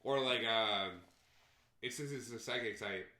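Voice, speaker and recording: A man's voice: mid-range voice, unhurried, pushed and bright, reverberant. A man co-hosting a casual podcast, agreeable and full of fillers as he chats. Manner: filler-heavy, agreeable, many likes. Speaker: podcast co-host. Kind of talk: casual chat.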